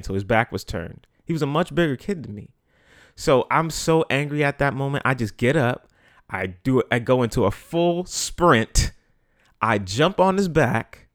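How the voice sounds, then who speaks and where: A man's voice: mid-range voice, a bit bright, dry recording. Slangy man telling a story, dry sound. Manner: loose, slangy, repeats phrases for emphasis. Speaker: podcast host. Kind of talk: casual storytelling.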